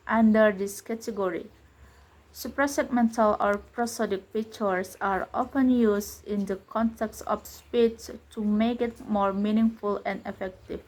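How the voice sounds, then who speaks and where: A woman's voice: medium pitch, poor audio. Young woman steadily reading class notes. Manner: steady, even reading of written text. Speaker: student presenter. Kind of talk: reading lesson notes aloud.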